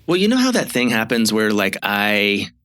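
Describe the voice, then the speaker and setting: A man's voice: lowish voice, huge pitch swings, moderate pace, fairly bright tone, no room sound, clean studio sound. A man who hosts a marriage therapy show, talking casually and rambling with many fillers and restarts. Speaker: marriage therapist and podcast host. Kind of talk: casual chat.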